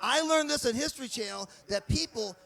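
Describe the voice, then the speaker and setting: A man's voice: extremely high pitch, lively intonation, brisk, gravelly, sharp tone. A middle-aged man with a Boston accent doing a rambling, chatty stand-up comedy set, swearing now and then. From Michigan. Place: outdoor farm stage before a live crowd.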